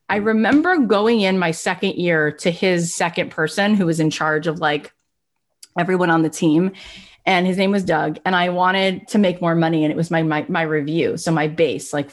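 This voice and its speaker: A young adult woman telling a personal story in a casual, chatty way, with lots of filler words. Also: on the low side. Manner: chatty, frequent "like" fillers, animated retelling. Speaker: guest.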